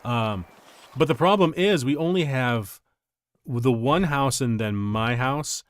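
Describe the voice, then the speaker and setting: A male streamer with a mid-range voice talks slowly while playing a game, rambling through stories in casual chat. He's animated and laughs often.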